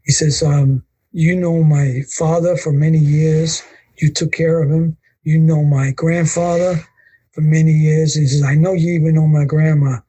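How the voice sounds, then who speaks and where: An older man, a wrestling photographer telling animated stories in an interview and acting out other people's lines. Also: on the high side, normal speed, rough recording. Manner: animated storyteller acting out quotes. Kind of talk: storytelling interview.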